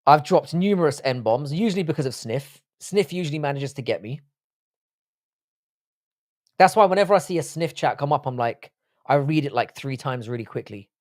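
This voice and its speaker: A man's voice: a little high, expressive, normal speed, darkish tone. A man with a London accent hosting a live stream, chatting casually and bantering with the viewers in a profane, joking way. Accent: London English. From England.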